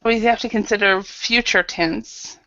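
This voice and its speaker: A woman's voice: mid-range voice, steady tone, a little slow, sharp tone, dry recording, muffled recording. A woman teaching an online English grammar class, patiently calling on students by name and correcting their answers.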